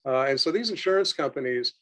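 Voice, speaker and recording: A man of middle pitch talks on a webinar over a video call. He pauses often, fills gaps with filler sounds and restarts his sentences as he explains. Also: lively intonation, a bit bright, low-quality recording. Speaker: company representative on a webinar. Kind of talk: unscripted webinar talk.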